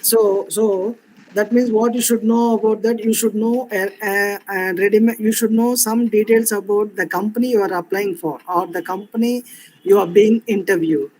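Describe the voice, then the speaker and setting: A man teaching a soft skills class over a video call, repeating points and filling pauses with "you know" and "uh". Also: high voice, fairly even intonation, slight background noise, low-quality recording. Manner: repetitive, explains with fillers. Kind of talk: online class instruction.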